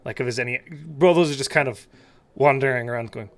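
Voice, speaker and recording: A man's voice: medium pitch, quick pace. A man as a player in a tabletop game, chatting casually and restarting sentences.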